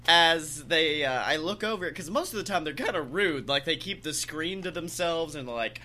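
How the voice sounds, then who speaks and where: A young man hosting a podcast in casual chat, telling stories in an animated way and acting out the people in them. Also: fairly high pitch, normal speed, few pauses, a little hiss or hum. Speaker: podcast host.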